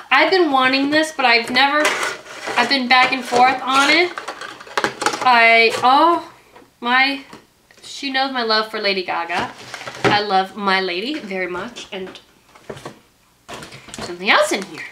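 A young woman vlogging as she opens a gift, gushing with repeated excited exclamations. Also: fairly high pitch, slow, pauses often, background noise. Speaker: YouTuber opening a gift. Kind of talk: casual vlog unboxing.

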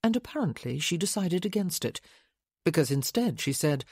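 A woman narrating a romance audiobook in a measured, intimate reading. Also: lowish voice, big pitch swings, a little mellow, breathy edge, dry recording, studio quality. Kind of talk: scripted narration.

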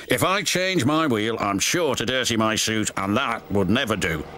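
A man's voice: lowish voice, expressive, moderate pace, sharp tone, slight background noise. A man voicing a fussy, flustered railway boss. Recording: studio narration with music behind.

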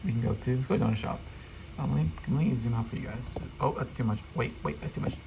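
A man giving excitable live gameplay commentary, talking to his viewers and rattling off rapid repeated urgings. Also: mid-range voice, creaky, noisy background. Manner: chatty, addresses viewers directly. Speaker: gaming video creator.

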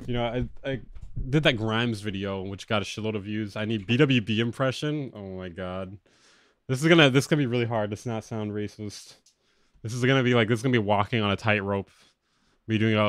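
A man with a lateral lisp chatting casually on a livestream from a home studio, loose and excitable and swearing often. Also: on the low side, dry recording. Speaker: music producer streamer.

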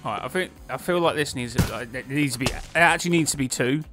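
A man's voice: mid-range voice, quick pace, loud music behind the voice. Chatty man playing a game. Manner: chatty, excitable, self-talking with laughs. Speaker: gaming YouTuber. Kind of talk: casual gameplay commentary.

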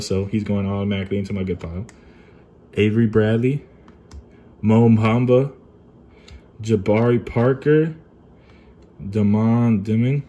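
A young man talking casually while unboxing trading cards at home, keeping his voice low and calling himself monotone. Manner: kept low and subdued, calls himself monotone. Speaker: card collecting YouTuber. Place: apartment at home.

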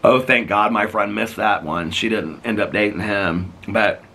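A man's voice: on the low side, unhurried, bright, forceful tone, slight background noise. A man in his fifties vlogging outdoors in his neighborhood, chatting in a meandering, storytelling way and laughing often. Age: 50s. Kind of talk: casual rambling vlog chat. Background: faint outdoor ambience with birds.

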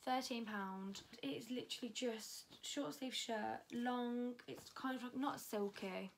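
A woman's voice: a little high, a little slow, gravelly, a little hiss or hum. A young woman chatting casually through a fashion haul, talking freely and swearing often. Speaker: fashion vlogger.

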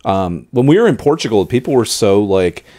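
A man's voice: lowish voice, very animated, normal speed, dark tone. A young man, co-hosting a podcast in casual chat, joking and swearing through rambling stories. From South Jersey. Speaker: podcast co-host.

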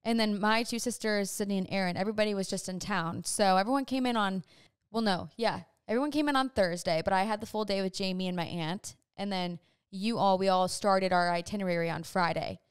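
Smooth-voiced young woman chatting. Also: mid-range voice, a little fast, no room sound, clean studio sound. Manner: chatty, laughs often. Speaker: host. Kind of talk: casual chat.

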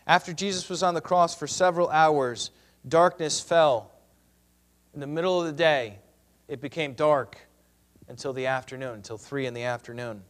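A man with a notably high-pitched voice lectures on scripture. He reads passages with dramatic swings, rising to loud cries and then dropping to hushed words. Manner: expressive, dramatic readings with sudden loud and hushed turns. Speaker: Bible teacher.

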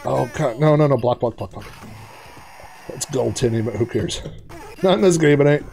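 A man hosting a retro gaming video, giving casual, excitable gameplay commentary and chatting to the players on screen. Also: mid-range voice, normal speed, creaky, long pauses.

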